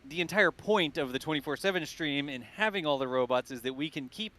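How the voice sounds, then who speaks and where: A man hosting live stream commentary, easygoing and thinking aloud with drawn-out phrasing. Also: on the high side, bright, forceful tone. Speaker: livestream host.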